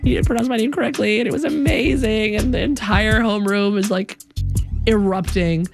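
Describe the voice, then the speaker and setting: A woman's voice: mid-range voice, a little fast, creaky, music in the background. A young woman telling a personal story, acting out the people she quotes in shifting voices. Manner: animated, acts out quotes in voices.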